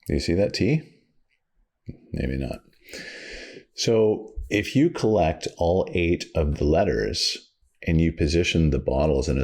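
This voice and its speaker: A man with a very deep voice chats casually as a podcast host. His tone is gravelly and a little husky. He tells long, rambling stories, full of ums and asides. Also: a little mellow. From Canada. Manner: rambling storyteller with many fillers. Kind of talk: casual chat.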